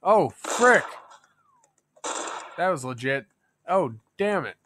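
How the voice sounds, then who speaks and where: A man giving gameplay commentary, excitable and swearing, yelling at enemies in mock rage. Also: a little high, takes it slowly, a little hiss or hum. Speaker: gaming YouTuber.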